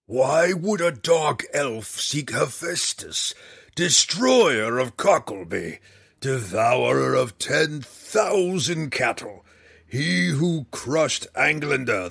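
A man voicing a booming, vain old dragon. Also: very animated, gravelly, fairly bright tone, husky, dry recording, clean studio sound, heavily acted. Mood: boastful. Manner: booming, slow and menacing. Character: huge vain booming male red dragon. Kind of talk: audiobook narration.

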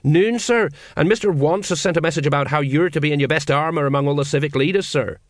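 A man's voice: on the high side, fast talker, no echo, clean studio sound, natural voice. A man reading an audiobook, voicing a sheepish, evasive middle-aged watch sergeant who talks colloquially. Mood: dutiful.

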